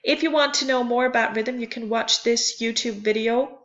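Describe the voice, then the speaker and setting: A woman's voice: on the high side, steady tone, normal speed, a bit bright, muffled recording. A woman teaching a lesson in a careful, explanatory way, repeating and spelling out terms. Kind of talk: slow explanatory lecture.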